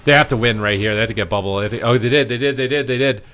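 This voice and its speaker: A man giving slangy, joking live commentary on an esports match, yelling at the big plays. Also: medium pitch, very fast, clean tone. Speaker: streamer casting an esports match.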